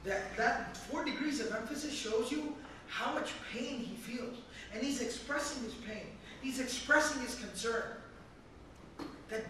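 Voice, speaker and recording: Teaching Quran commentary, an Islamic teacher presses his points with earnest emphasis and Arabic recitation, at a normal speed. His voice is very high and bright. He's filmed from a distance in a large mosque hall, so there's strong echo and a faint hum underneath.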